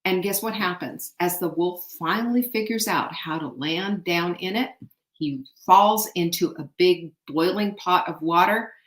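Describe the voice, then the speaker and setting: A woman hosting a show, retelling an old folk tale in an animated, chatty way and often asking the audience to guess what happens next. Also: on the low side, unhurried. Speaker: show host. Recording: echoey room.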